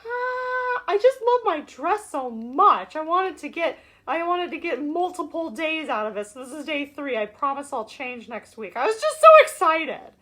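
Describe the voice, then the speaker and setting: A woman's voice: high-pitched, big pitch swings, moderate pace, hardly any pauses, bright, forceful tone. A woman hosting a casual live-stream show, bubbly, greeting viewers by name in sing-song calls. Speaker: show host.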